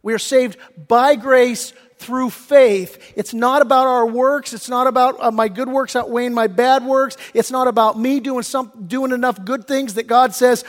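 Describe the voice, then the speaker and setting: High-voiced preaching man in a reverberant hall. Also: steady tone, moderate pace, few pauses. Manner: preaching with big swings from loud to hushed, earnest. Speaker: pastor. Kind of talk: sermon.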